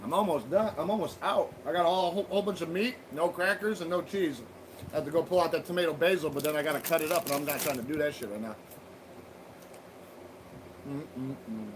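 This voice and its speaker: A man's voice: fairly high pitch, a little fast, noisy background. A man hosting a livestream, chatting loosely with viewers, swearing freely and laughing at their comments. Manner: loose, profane, laughing banter. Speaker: livestream host. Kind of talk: casual livestream chat with viewers.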